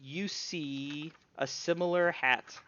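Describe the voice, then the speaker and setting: A man's voice: fairly high pitch, fairly even intonation, slow, sharp tone, highs cut off. A man running a tabletop game as game master, narrating the scene casually and teasing his players.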